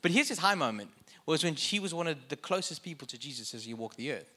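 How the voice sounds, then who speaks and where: A man preaches a sermon in a relaxed, conversational way and drops playful jokes between points. His voice sits a little high and sounds bright and forceful. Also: quick pace. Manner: conversational preaching with joking asides.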